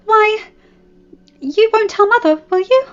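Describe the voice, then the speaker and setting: Woman doing a high anxious young noble girl. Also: unhurried, lo-fi sound, faint music behind. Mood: anxious pleading.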